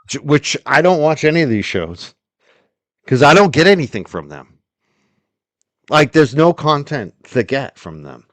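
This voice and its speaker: A man's voice: medium pitch, fairly bright tone, no room sound. A man hosting a stream, reacting to a clip with sarcastic, mocking commentary and frequent laughter. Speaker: stream host.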